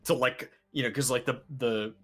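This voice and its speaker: A man playing a tabletop game, excitable and rambling, with many "likes". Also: medium pitch, moderate pace. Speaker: player. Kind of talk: casual tabletop game chat.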